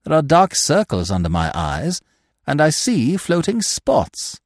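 A man doing a florid, whimsical English gentleman. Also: on the high side, wildly swooping pitch, measured pace, no echo, studio quality, voice pushed up, heavily acted. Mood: wry. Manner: ornate, pompous, playful phrasing. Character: verbose, urbane young Englishman, drily whimsical.

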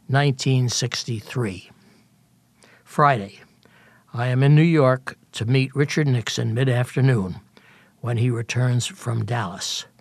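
Older male reader, measured memoir narration, husky and gravelly. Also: mid-range voice, no echo. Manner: measured storytelling in present tense. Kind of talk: reading a memoir excerpt.

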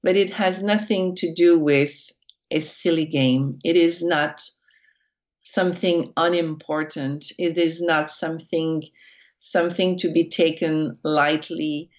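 A woman channeling a collective of spirit entities, speaking as "we" in slow, deliberate, repeated phrases. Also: deep voice, steady tone, highs cut off.

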